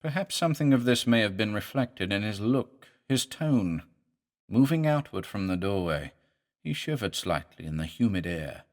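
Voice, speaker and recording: Male horror narrator, lowish voice, measured and dramatic delivery.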